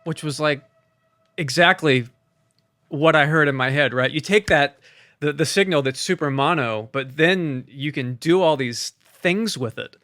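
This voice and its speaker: Bright, eager man talking synths. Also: a little high, measured pace, dry recording, studio quality. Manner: enthusiastic, loose, with frequent fillers. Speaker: composer and podcast co-host. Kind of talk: casual conversation about synths.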